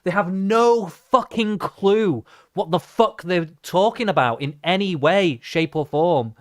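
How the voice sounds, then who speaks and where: A man's voice: high voice, slow, dry recording, studio quality. Foul-mouthed ranting man. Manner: profane, ranting, mocking. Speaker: streamer. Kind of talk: live reaction stream commentary.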